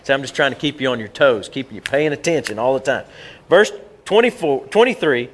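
A man's voice: mid-range voice, lively intonation, fairly quick. A middle-aged male pastor, preaching a sermon in a conversational way and often repeating and restarting his words. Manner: conversational, repeats words and jumps back and forth. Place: church sanctuary.

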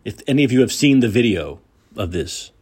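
A man's voice: mid-range voice, expressive, a little fast, a little mellow, breathy edge. A man hosting a political talk show, delivering a combative, sarcastic monologue with profanity. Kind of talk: opinionated monologue.

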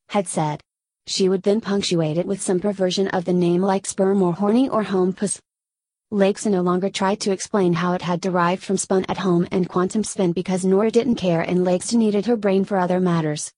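A woman's voice: mid-range voice, a little mellow, no echo. Woman narrating a novel in a dry, close sound. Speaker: audiobook narrator. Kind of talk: scripted narration.

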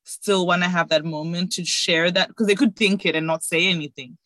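A woman's voice: on the low side, steady tone, brisk, no room sound. Reflective young woman. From Zimbabwe. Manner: reflective, soft-spoken. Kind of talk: heartfelt conversational chat.

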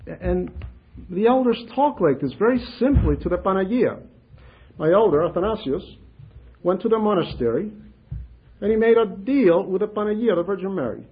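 A man with a high voice gives an informal spiritual talk. He speaks conversationally, repeats his phrases and acts out short, simple prayers. The recording sounds dull and lo-fi. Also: lively intonation, moderate pace.

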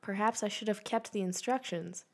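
A woman's voice: mid-range voice, normal speed. A young woman co-hosting a podcast, reading a silly review aloud with dry asides and giggles. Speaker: podcast co-host.

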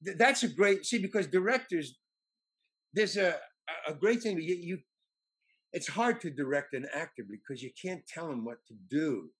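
Older male actor guest, storytelling, halting with restarts, slightly high voice. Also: animated, fairly bright tone, husky. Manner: halting, many fillers and restarts. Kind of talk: anecdotal storytelling.

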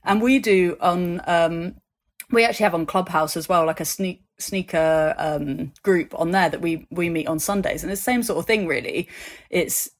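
Lively woman telling stories. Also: on the low side, moderate pace. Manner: animated storytelling, acts out voices in anecdotes, many fillers. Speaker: interview guest. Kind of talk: conversational interview.

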